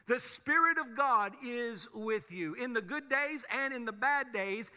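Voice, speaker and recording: A man's voice: extremely high pitch, expressive, measured pace, few pauses, sharp tone, clear, resonant tone. A male pastor with a raised, ringing voice preaches to his congregation. He talks conversationally but presses his points with rhetorical questions. His words carry the long echo of a large church sanctuary. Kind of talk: sermon. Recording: long hall reverb of a church.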